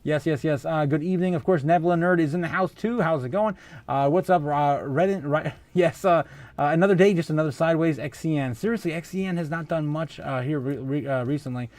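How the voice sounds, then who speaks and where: A man's voice: a little high, a little fast, darkish tone, dry recording. A man hosting a casual livestream, reading out viewer comments, laughing often and stumbling through restarts and filler sounds. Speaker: host of a crypto livestream.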